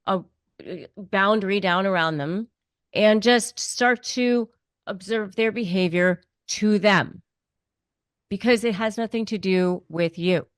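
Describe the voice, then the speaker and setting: A woman's voice: mid-range voice, measured pace, no echo. A woman giving conversational advice on handling manipulative people, earnest and repeating her key phrases. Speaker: narcissism expert guest.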